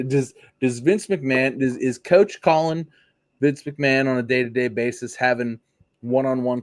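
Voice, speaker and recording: A man from the Pittsburgh area hosting a wrestling podcast, talking in a loose, profane, filler-heavy chat. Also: medium pitch. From Pittsburgh area, USA. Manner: animated, swearing, lots of fillers.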